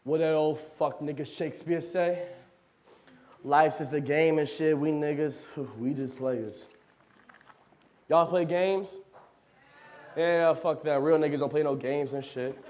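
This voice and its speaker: A man's voice: a little high, measured pace, pauses often, darkish tone, close to an everyday voice. An actor playing a tough young man who swaggers in crude street slang to hide his pain. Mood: swaggering. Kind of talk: stage monologue.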